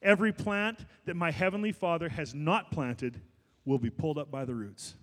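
A man preaching a sermon as pastor, building to loud, fervent exhortation. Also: fairly high pitch, normal speed, big-room sound.

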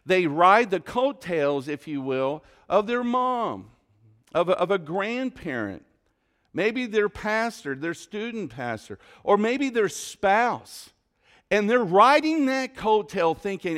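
A man's voice: high voice, sing-song, slow pace, a bit bright. A man preaching a sermon to his congregation as pastor, repeating and varying his questions with dramatic emphasis. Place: church sanctuary.

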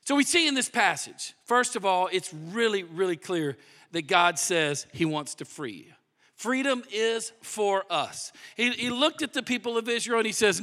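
A man preaching a sermon in a lively, animated way, dropping to hushed emphasis at times. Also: high-pitched, normal speed. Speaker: pastor. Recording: long hall reverb.

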